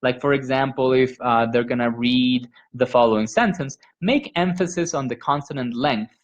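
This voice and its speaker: A man leading a pronunciation workshop, modeling sounds by stretching them out slowly and repeating them. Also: medium pitch, dull audio. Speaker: pronunciation instructor. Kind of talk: teaching a live workshop.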